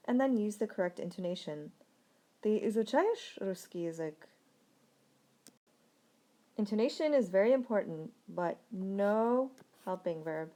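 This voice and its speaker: Female teacher, mellow tone, clear and deliberate, slows for example sentences. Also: mid-range voice. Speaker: language teacher. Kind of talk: recorded language lesson.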